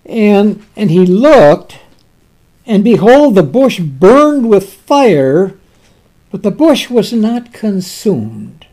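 A man delivers a sermon at an unhurried, deliberate pace. His voice is soft and mellow. He speaks emphatically, pausing for effect and swinging between loud bursts and hushed asides. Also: high-pitched, big pitch swings. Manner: reads scripture in King James wording. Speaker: preacher.

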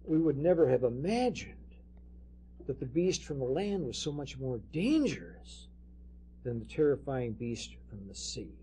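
A man's voice: on the high side, mellow, slightly rough. A man preaching a sermon, explaining scripture and reading verses aloud with emphasis.

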